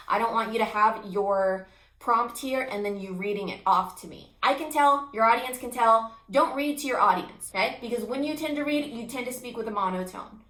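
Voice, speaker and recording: A woman instructor giving a recorded lecture, energetic and emphatic with an expressive voice. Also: fairly high pitch. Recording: echoey room.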